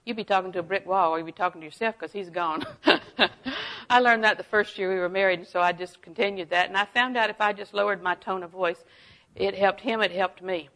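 A middle-aged woman preaching a sermon, folksy and animated, often laughing and dropping to a hush for asides. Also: medium pitch, brisk, poor audio. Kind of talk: sermon with personal stories.

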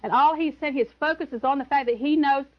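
High-voiced emphatic woman preacher. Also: fast talker, dull audio. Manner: emphatic, chuckling, repeats key words. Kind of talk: sermon.

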